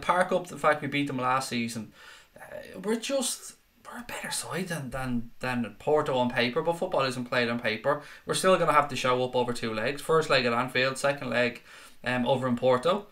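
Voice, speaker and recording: A man's voice: medium pitch, pushed and bright. A man hosting a fan live stream, chatting casually, reading out viewer comments and calling people mate. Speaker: fan channel host reading live chat.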